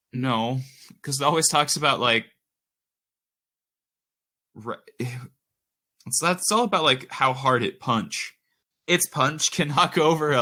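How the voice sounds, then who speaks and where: A man's voice: mid-range voice, bright, forceful tone. A man on a casual podcast, thinking aloud with lots of fillers while he works out quiz answers. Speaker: podcast host.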